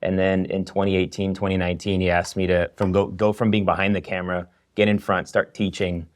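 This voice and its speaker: A man's voice: sits low, brisk, no room sound, clean studio sound. A man in his thirties, a podcast guest who teaches video, telling his story energetically with lots of "you know". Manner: energetic, storytelling, many fillers. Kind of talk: casual interview chat.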